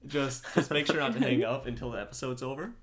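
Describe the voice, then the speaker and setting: A man hosting a casual podcast over an online call, playful and quick to laugh. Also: medium pitch, over a noisy crowd. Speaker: podcast host.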